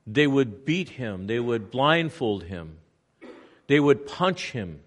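A man preaching a sermon with slow, emphatic delivery, swinging between loud passages and hushed ones. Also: mid-range voice. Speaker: pastor. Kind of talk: sermon on location.

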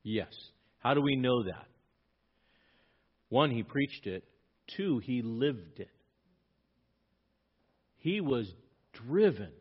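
A man's voice: medium pitch, big pitch swings, slow pace, long pauses, breathy edge. A male pastor preaching a sermon, reading scripture aloud and pressing his points with emphatic rises in volume. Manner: emphatic, rising in volume when stressing points. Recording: dull lo-fi sermon recording.

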